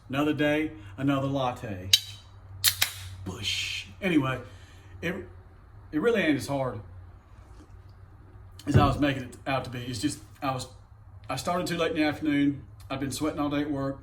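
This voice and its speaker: A man's voice: mid-range voice, a little hiss or hum. A man with a Southern US accent talking casually and profanely as he vlogs a truck repair in his home garage, rambling and exasperated. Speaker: DIY truck vlogger. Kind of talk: casual workshop vlog rant.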